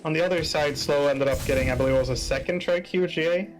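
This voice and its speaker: Excitable male esports caster over music. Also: fast. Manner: excitable, yelps high when tense moments hit. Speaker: commentator. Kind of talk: live esports commentary. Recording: music playing behind.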